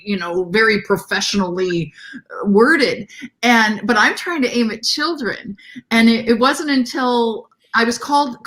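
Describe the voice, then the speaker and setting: A middle-aged woman speaks as a guest, chatting casually. She tells her story with animation, leaning into quoted lines with a lifted voice. Her pitch sits in an ordinary middle range. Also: fairly bright tone.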